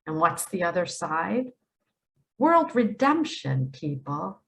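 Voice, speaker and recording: A middle-aged woman hosting a spiritual talk, speaking earnestly and emphatically, often pleading, and dropping to a hush for quoted words. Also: mid-range voice. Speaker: spiritual video host. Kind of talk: earnest direct-to-camera monologue.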